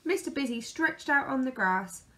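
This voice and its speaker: A woman reading a children's picture book aloud in a lively, expressive way. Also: high voice, moderate pace. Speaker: storyteller.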